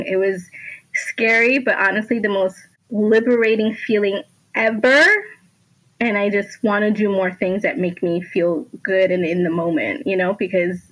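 A woman guest on a chat podcast, telling a lively story, laughing often and acting out what people said. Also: mid-range voice, normal speed, low-quality recording. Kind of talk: casual chat.

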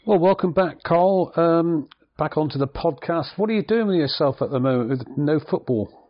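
A man hosting a local football podcast, relaxed, with light jokes and some hesitations. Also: a little high, normal speed. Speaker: podcast host. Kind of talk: casual chat and introductions. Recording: slightly dull lo-fi sound.

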